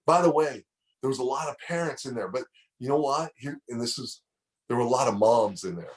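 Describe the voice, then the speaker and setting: A middle-aged man giving a motivational speech, preaching and telling a story, repeating phrases for emphasis. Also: medium pitch. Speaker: motivational speaker.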